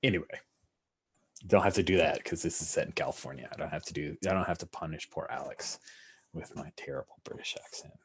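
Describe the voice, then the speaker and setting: A man narrating a tabletop role-playing game as game master, animated and often laughing. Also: a bass voice, quick pace, a little hiss or hum.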